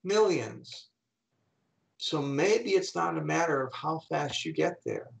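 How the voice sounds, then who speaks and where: A middle-aged man, a coach and speaker, telling animated anecdotes in an interview and acting out the people he quotes. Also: fairly high pitch, normal speed, creaky, low-quality recording. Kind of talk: storytelling in an interview.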